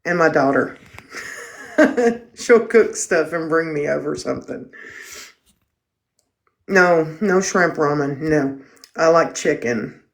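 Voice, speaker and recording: A woman's voice: sits low, takes it slowly, pauses often. A middle-aged woman hosting a casual livestream chat, blunt and self-mocking and swearing freely. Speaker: livestream host.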